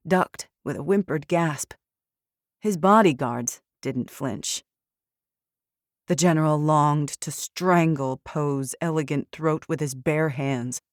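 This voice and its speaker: A woman narrating an audiobook in a measured, steady storytelling manner. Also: deep voice, no echo. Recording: dry studio recording.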